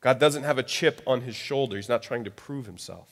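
In a mid-range, slightly bright voice, a man who is a pastor preaches a little fast and conversationally. He acts out quoted voices, checks in with "right?", and the recording carries long hall reverb.

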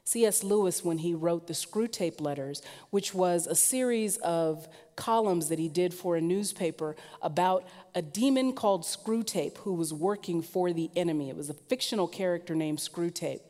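Woman preacher, lower-pitched voice, animated sermon delivery, long hall reverb. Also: moderate pace, hardly any pauses. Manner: lively storytelling, rising in pitch and force when emphatic.

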